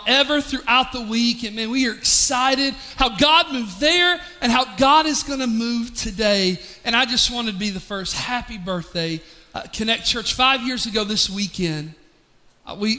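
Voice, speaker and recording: High, bright-voiced emotional pastor. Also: male voice, big-room sound. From East Tennessee, US. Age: 40s. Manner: emotional, heartfelt, with frequent restarts. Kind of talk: sermon. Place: large church hall.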